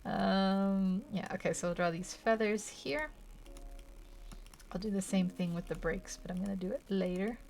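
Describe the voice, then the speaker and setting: A woman's voice: mid-range voice, fairly even intonation, normal speed, darkish tone, faint music behind. A woman chatting casually while she draws, giggly and rambling, tired from a long day without sleep. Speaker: art channel host. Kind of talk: casual drawing commentary.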